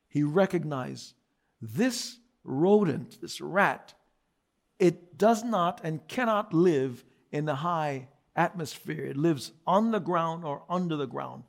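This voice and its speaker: A man preaching a sermon as pastor, swinging from loud emphatic repetition to quiet dramatic storytelling. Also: fairly high pitch, gravelly.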